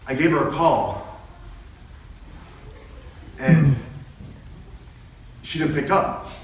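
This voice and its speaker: A man's voice: mid-range voice, slight background noise. A young man giving an earnest personal speech, telling his own story to a meeting. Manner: earnest, storytelling, quotes himself and others. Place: meeting hall. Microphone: far from the microphone. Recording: very echoey hall from far off.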